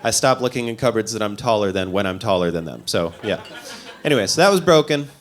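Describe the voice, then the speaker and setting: A man's voice: on the low side, animated, fast talker. A man from the American Midwest doing stand-up comedy, telling a story in a loose, self-mocking way with dry asides.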